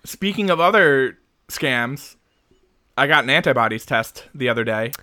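A man's voice: medium pitch, lively intonation, moderate pace, pushed and bright, no echo. A man from Jersey City co-hosting a casual podcast, joking, swearing freely and laughing often. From Jersey City, USA. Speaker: podcast co-host.

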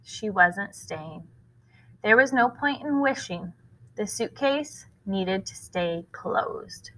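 A woman reading a novel aloud at a school, expressive and pausing to explain the story to listeners. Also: medium pitch, low-quality recording.

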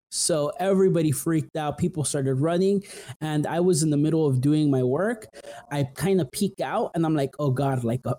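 A man's voice: fairly high pitch, dark tone. A young man from the San Fernando Valley in California, telling a story in a rambling, casual way full of "like" and "um" as a podcast host. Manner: rambling, full of "like" and "um", restarts often.

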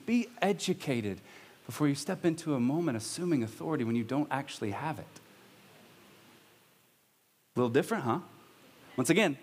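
A man's voice: fairly high pitch, breathy edge. A man preaching a sermon as pastor, talking in a conversational way with bursts of raised emphasis. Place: church hall. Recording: long reverb of a church hall.

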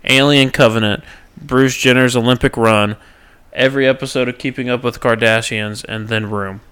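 A man's voice: mid-range voice, steady tone, normal speed, fairly bright tone, smooth. A man hosting a casual podcast chat, joking around loosely, swearing freely and tripping over his words. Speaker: podcast host.

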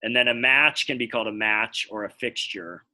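A man's voice: on the low side, normal speed, sharp tone. An American man co-hosting a podcast, explaining things at length in casual chat while thinking aloud. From United States. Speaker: podcast co-host.

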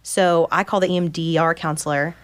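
A woman's voice: sits low, fairly even intonation, a little fast. A woman in her thirties, a podcast guest, telling her personal story openly and earnestly and acting out the people she quotes. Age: 30s. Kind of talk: candid personal storytelling in conversation.

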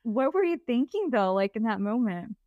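A young woman with a slightly high voice chats with her best friend on a podcast, telling stories animatedly and acting out what each of them said back then. The recording sounds dull and lo-fi, yet close and dry. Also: normal speed, no echo. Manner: animated storytelling, quotes herself and friend, laughs often. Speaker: podcast host. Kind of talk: casual chat with a friend.

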